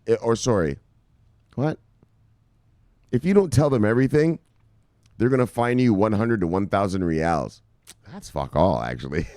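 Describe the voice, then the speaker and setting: A man presenting crypto news in casual, profane commentary, rambling and swinging from loud outbursts to muttered asides. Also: on the low side, dry recording, studio quality.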